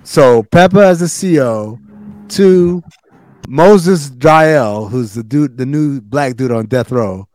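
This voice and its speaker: A man co-hosting a casual podcast, recapping a television show in animated, profanity-heavy chat. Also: takes it slowly, no echo. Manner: animated, swearing, jumps into high voices for quotes. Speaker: podcast co-host.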